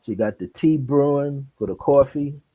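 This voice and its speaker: Mellow-voiced man telling a story. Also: mid-range voice, normal speed. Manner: acts out dialogue, laughs often. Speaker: interview guest. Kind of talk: animated personal storytelling.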